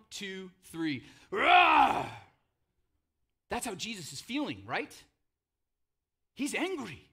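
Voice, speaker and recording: Bright-voiced preaching man in his thirties. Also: fairly high pitch, slightly rough. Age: 30s. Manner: passionate, conversational preaching with frequent "right?". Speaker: pastor. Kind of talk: sermon.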